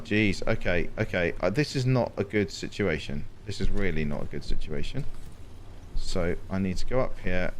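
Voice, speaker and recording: A man, chatting to himself and his viewers while playing a game, with animated exclamations. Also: sits low, slight background noise. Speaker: game streamer. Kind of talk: casual gameplay commentary.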